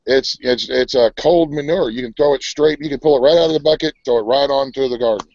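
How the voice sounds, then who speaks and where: A man's voice: mid-range voice, quick pace, darkish tone, no echo, highs cut off. A man co-hosting a homestead live show in casual, laid-back chat.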